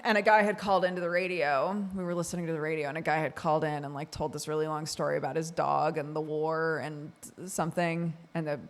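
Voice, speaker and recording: A woman streamer from Oregon talks fast with few pauses in a low, fairly even voice. She rambles casually with her chat, using lots of fillers and laughing often.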